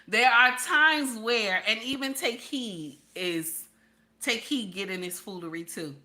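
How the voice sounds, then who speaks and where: A woman's voice: a little high, takes it slowly, bright, forceful tone. A middle-aged woman giving preachy relationship advice to women viewers, emphatic and repetitive, speaking straight to her listeners.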